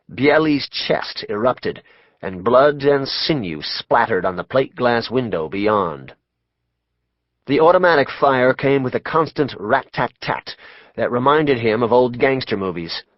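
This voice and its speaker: A man reading an audiobook in a measured, dramatic narration. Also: medium pitch, no room sound, dull audio. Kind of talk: scripted narration.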